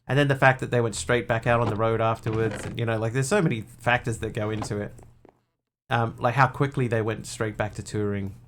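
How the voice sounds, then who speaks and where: A man's voice: on the low side, steady tone, fairly quick, a little hiss or hum. A man streaming a game, thinking aloud, counting items under his breath and chatting casually with viewers. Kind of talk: casual chat while playing a game.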